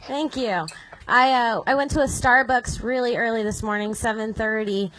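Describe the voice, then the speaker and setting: A woman's voice: fairly high pitch, fairly even intonation, moderate pace, a bit bright, faint music behind, rough recording. A young woman performing a stand-up routine, telling a chatty anecdote. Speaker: stand-up comedian.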